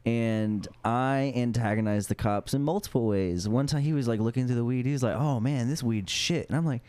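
A man's voice: medium pitch, fairly quick, warm tone, smooth, dry recording. A man telling a rambling, laid-back story as co-host of a radio chat show.

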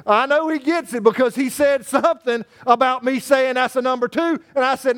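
High-voiced folksy pastor, man. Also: steady tone, fairly quick, few pauses, a bit bright, clear, resonant tone. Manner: folksy, joking, addresses congregation by name. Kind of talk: sermon.

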